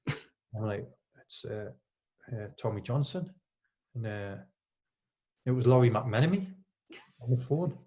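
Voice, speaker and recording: A Geordie man in his fifties, a former footballer, chatting in a relaxed way and telling anecdotes as a podcast guest. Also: mid-range voice, a little slow, pauses often. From Newcastle, England. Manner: storytelling, acts out quoted lines with laughs.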